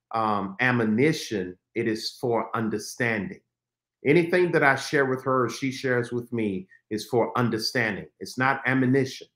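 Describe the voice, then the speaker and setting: A man's voice: medium pitch, a bit bright. A man hosting a talk show as a pastor, speaking in an earnest, preacher-like cadence. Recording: roomy studio echo.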